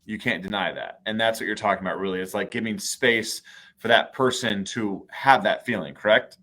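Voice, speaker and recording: Thoughtful man with a lowish voice. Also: fairly quick, bright, forceful tone. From United States. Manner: thoughtful, asks questions with hesitations. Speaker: mayor co-hosting a talk show. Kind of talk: live conversational talk.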